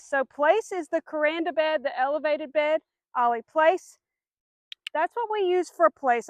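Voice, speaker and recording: A woman dog trainer giving a clear, patient lesson outdoors, with firm short commands. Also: high-pitched, no echo. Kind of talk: instructional demonstration.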